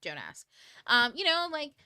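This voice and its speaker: A woman's voice: high-pitched, huge pitch swings, a little slow, sharp tone, no echo. A woman hosting a book club stream, chatting casually in a blunt, profane way and laughing often. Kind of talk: casual livestream talk.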